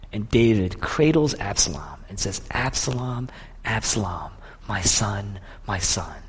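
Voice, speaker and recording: A man preaching a sermon, emotional and expressive, rising to intense passages and sinking to soft ones. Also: mid-range voice, in a large hall. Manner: emotional, builds to impassioned intensity then drops soft. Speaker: pastor.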